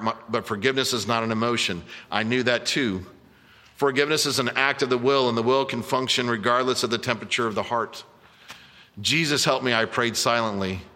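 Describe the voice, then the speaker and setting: A man's voice: medium pitch, pushed and bright, big-room sound. A man preaching a sermon as a pastor, telling a story earnestly and emphatically to his congregation. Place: church sanctuary.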